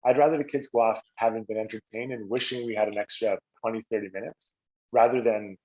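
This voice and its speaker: Speaking fast, a middle-aged Canadian ex-hockey player tells stories casually on a podcast and animates quotes by pitching his voice higher. The audio is lo-fi and slightly dull.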